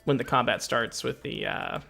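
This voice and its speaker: A man running a tabletop game as game master, narrating in a relaxed, hesitant way full of filler words. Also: mid-range voice, normal speed, vocal fry, faint music behind. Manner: relaxed, hesitant, lots of uhs and laughs.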